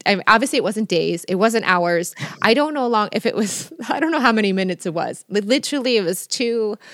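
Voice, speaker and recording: A woman hosting a casual podcast interview, telling stories in an animated, emphatic way. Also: lowish voice, dry recording, clean studio sound. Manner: animated storytelling, expressive and emphatic. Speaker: podcast host.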